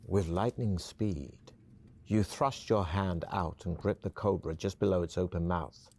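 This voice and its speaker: A man narrating a fantasy adventure game in the second person, calm and even. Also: low-pitched, a little slow.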